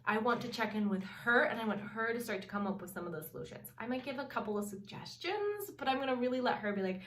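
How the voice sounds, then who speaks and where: A woman's voice: a little high, expressive, quick pace, few pauses, fairly bright tone. Earnest woman in her thirties coaching parents, casual and emphatic, recorded a little off-mic in a live room. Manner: earnest, repeats "really" for emphasis. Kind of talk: casual advice talk to camera. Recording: roomy sound, mic at a distance.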